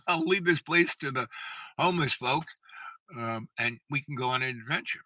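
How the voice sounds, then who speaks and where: Older male streamer, rambling storyteller, very bright tone, dry close sound. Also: medium pitch, normal speed, dry recording, low-quality recording. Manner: rambling, keeps asking "right?". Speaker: livestream host. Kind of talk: rambling storytelling to a live chat.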